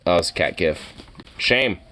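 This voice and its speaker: Slow, lively excitable male streamer. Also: deep voice, slight background noise. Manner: excitable, gushing over cats, casually profane. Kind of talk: casual live-stream reaction chat.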